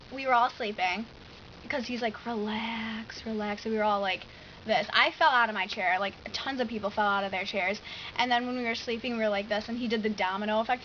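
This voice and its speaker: A teenage girl telling a story in a casual vlog, chatty and animated, full of "like.". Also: medium pitch, a little fast, dull audio, a little hiss or hum. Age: teens. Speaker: vlogger.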